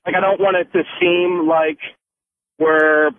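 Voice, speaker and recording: A man's voice: high voice, big pitch swings, unhurried, gravelly, slight background noise. A man calling in to a radio show, telling a long story in a rambling way with many fillers. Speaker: caller. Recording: tinny phone line.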